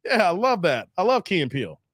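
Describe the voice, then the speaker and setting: Animated, high-voiced male live-streamer. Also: fast talker, dry recording, clean studio sound. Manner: animated and joking, laughing often while reading viewer comments. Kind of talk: casual live-stream chat and ranting.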